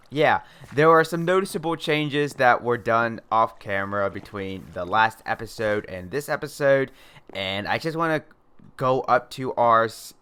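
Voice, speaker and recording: A man's voice: mid-range voice, fairly bright tone, clear, resonant tone. A young man hosting a casual gameplay video, chatting in a rambling, playful way. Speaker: host.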